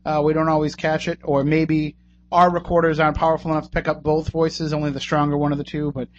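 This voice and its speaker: A man's voice: fairly high pitch, completely flat delivery, fast talker, a little hiss or hum. A man hosting a radio talk show in a casual, joking, conversational way. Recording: dull lo-fi radio recording.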